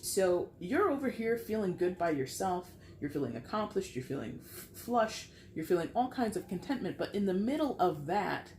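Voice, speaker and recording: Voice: medium pitch, sing-song, normal speed, hardly any pauses, a little mellow, slight background noise. Tarot reader, casual rambling talk, blunt and profane, echoey room.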